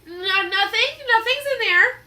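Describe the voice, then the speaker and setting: A worried young boy from a children's story, hasty and nervous, as a woman reading aloud puts him on. His voice sits higher than her usual reading and sounds bright. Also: echoey room, distant mic, heavily acted. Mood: anxious. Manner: nervous, hurried pleading.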